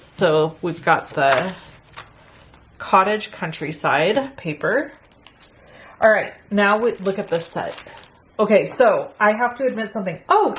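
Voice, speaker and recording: A middle-aged woman hosts a crafting unboxing from her home craft room, chatty and easily delighted. Her voice sits a little low and her pace is slow and easygoing. A faint hiss runs under the recording. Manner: chatty and excitable, gasps at pretty items. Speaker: crafting channel host. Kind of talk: casual unboxing chat.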